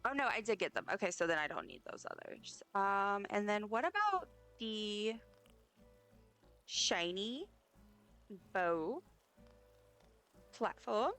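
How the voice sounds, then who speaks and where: A woman streamer with a hoarse, partly lost voice, chatting casually and rambling to her chat while she plays. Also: mid-range voice, big pitch swings, slow, pauses often, a bit bright, faint music behind.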